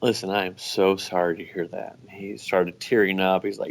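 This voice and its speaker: Man, low voice, gravelly, relaxed anecdotal storytelling, casual interview guest. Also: moderate pace. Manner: relaxed, anecdotal, many restarts. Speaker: guest, business owner.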